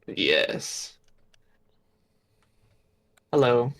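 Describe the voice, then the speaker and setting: A man's voice: mid-range voice, sing-song, drawn-out words, fairly bright tone. A young man chatting casually while gaming, rambling through a story and laughing often. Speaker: gamer.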